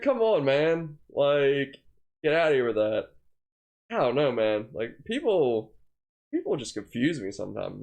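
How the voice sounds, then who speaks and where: A young man co-hosting a gaming channel, ranting in casual chat, rambling and exasperated, full of fillers. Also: fairly high pitch.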